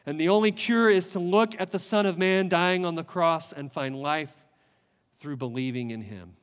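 A man preaching a sermon as a pastor, earnest, building with rhetorical questions and pauses. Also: on the high side, smooth, long reverb tail.

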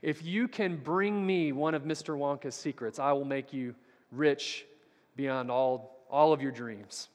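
A man voicing a scheming rival candy maker who tempts in a low, hushed voice. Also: a little slow, in a large hall, natural voice. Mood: sly.

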